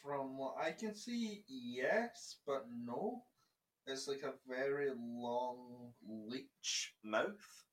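A man's voice: medium pitch, very slow. A man co-hosting a casual gaming podcast, talking in a dry, teasing way. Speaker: podcast co-host.

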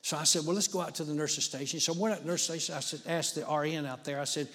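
A man's voice: fairly high pitch, fairly even intonation, racing, fairly bright tone. A man preaching a sermon as he tells a story, in a folksy way with dramatic rises and many asides of "you know". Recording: long hall reverb.

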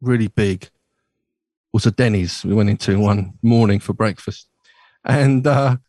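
A middle-aged radio show host from Bristol, England, tells rambling stories with lots of restarts during a casual chat over a remote call. His voice is fairly low, unhurried, and a little mellow, in a dry recording.

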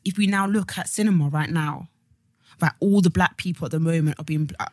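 A woman's voice: sits low, fairly quick, no room sound, studio quality. A young woman co-hosting a podcast, chatting playfully and often trailing off mid-sentence. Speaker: podcast co-host. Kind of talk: casual chat.

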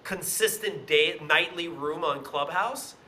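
Bright, high-voiced animated man. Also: slow pace, a little hiss or hum. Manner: animated, repeats and echoes phrases. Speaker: guest interviewer. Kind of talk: casual chat.

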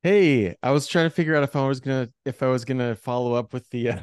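An American man chats loosely on a church podcast, circling back on his own sentences and laughing at himself. The sound is close and dry, with no room around it. His voice sits at an ordinary middle pitch. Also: fast talker, a little mellow, clean tone, no room sound. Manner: rambling, self-deprecating, laughs often. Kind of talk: casual chat.

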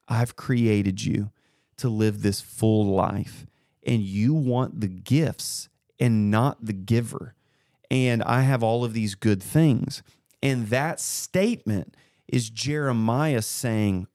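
A man in his thirties co-hosting a casual faith chat, retelling a conversation as a story with animated bursts. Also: mid-range voice, dry recording, studio quality. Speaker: podcast co-host.

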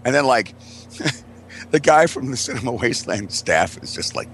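A man's voice: lowish voice, very animated, moderate pace, a bit bright. A man tells long, swearing-laced stories in a loose, casual chat. His telling rambles and is broken up by laughter, with faint noise behind him. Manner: profane, rambling, laughing storyteller. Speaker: podcast host.

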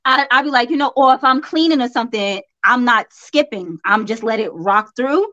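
Brooklyn-born woman co-host, New York accent with country twang, playful, higher voice, dull lo-fi sound. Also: expressive, normal speed, a bit bright, no room sound. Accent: New York with some Southern country twang. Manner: laughs often, playful. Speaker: podcast co-host. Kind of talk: casual chat.

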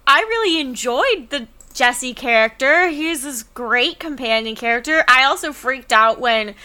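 A woman's voice: sits high, expressive, a little slow, pushed and bright. A woman hosting a casual chat, chatty and enthusiastic, laughing easily.

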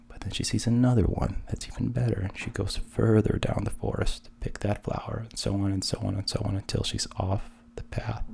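Gravelly deep-voiced man telling a fairy tale. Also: a little hiss or hum. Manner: relaxed, conversational, with asides. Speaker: storyteller. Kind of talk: casual fairy tale retelling.

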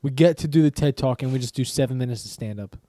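A man's voice: mid-range voice, fast, dark tone, no echo, clean studio sound. A young man co-hosting a podcast, bantering in an easygoing, agreeable way. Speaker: podcast co-host. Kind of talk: casual chat.

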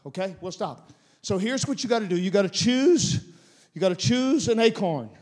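A man, a guest pastor, preaching a sermon in an animated, repetitive way, going through steps one by one. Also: high voice, normal speed. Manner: animated, repetitive step-by-step demonstration.

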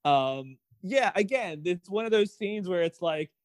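A man's voice: sits high, animated, a little slow, dry recording. Opinionated man talking, dry close sound. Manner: opinionated, rambling with restarts. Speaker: podcast co-host. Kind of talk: casual TV episode discussion.

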